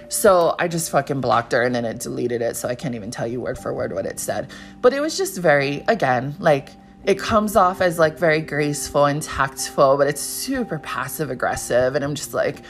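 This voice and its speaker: A woman's voice: low voice, lively intonation, a little fast, soft background music. A woman hosting her own podcast, telling a story in a blunt, profane, casual monologue from home. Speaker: podcast host.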